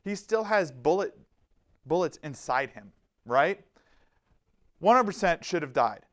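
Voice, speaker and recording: A man giving a lively, animated safety presentation to a live audience, telling stories and acting out quotes. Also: on the high side, unhurried. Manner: energetic, animated, storytelling with acted-out quotes. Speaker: safety trainer.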